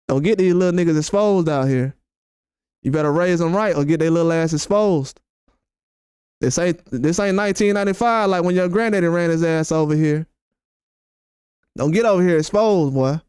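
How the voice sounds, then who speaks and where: A man with a high, smooth, resonant voice delivers a blunt, profane rant on his boxing live stream. He hammers the same points again and again. The sound is dry and close, with no room echo. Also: darkish tone. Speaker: boxing YouTuber host.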